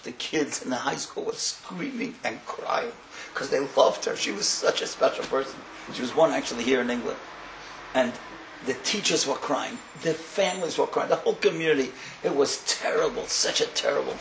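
A man giving a sermon as a storyteller, impassioned and building to loud emphatic bursts, sprinkling Hebrew and Yiddish words into his English. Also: mid-range voice, gravelly. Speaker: rabbi speaker. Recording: echoey room with faint ambient noise.

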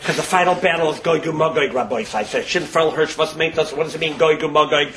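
A man giving a fast, lively sermon-style talk and acting out the people in his stories. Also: a little hiss or hum. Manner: acts out characters with big swings in pitch and loudness; fast-talking. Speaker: religious speaker.

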